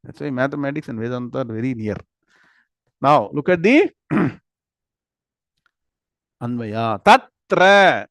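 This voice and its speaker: A man's voice: mid-range voice, lively intonation, unhurried, pauses often, no echo. A man with an Indian English accent teaching a scripture class, reciting Sanskrit words one at a time and quizzing his students. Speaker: Gita and Vedanta teacher.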